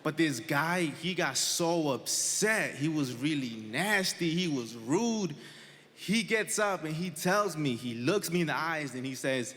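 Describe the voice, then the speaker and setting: A man in his twenties telling a true story live on stage to an audience, conversational and animated, laughing between lines. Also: on the high side, measured pace, a little hiss or hum. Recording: live stage recording with long hall reverb.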